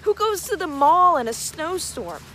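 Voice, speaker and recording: An excitable teenage girl from Atlanta vlogs into a handheld camera, giggling often, her high voice leaping up and down. She chats casually, and a clear hiss of outdoor noise runs under the recording. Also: measured pace. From Atlanta, Georgia. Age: late teens. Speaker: vlogger. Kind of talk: casual vlog. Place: outdoors in snow and in a car.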